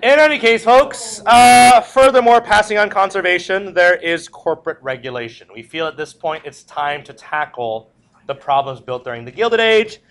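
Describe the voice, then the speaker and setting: This history teacher speaks in a high-pitched, expressive voice with a fairly bright tone and a moderate pace. During his classroom lecture he jokes, tells stories, and questions the class.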